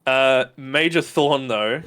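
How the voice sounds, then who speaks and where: A man's voice: medium pitch, slow pace, background noise. A man narrates a tabletop game as game master. He talks casually, with hesitations and fillers.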